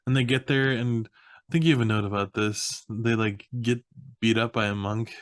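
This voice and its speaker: A young man co-hosting a podcast, casually recapping a film in an animated way, acting out quotes and laughing often. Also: lowish voice, moderate pace, no room sound, studio quality. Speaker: podcast co-host. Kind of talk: casual movie recap chat.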